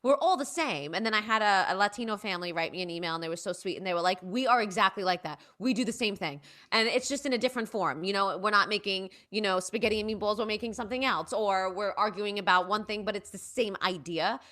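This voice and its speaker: Bright, animated New woman. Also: mid-range voice, fast, few pauses. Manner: animated storyteller, acts out family voices. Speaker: guest, performer of a one-woman show. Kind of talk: casual interview chat.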